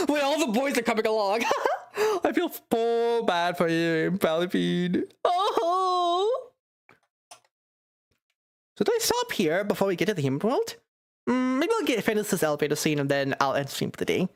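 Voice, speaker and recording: A woman's voice: a little high, sing-song, normal speed. A woman streamer reading a dating game aloud live, chatty and giggly, voicing the narration and lines.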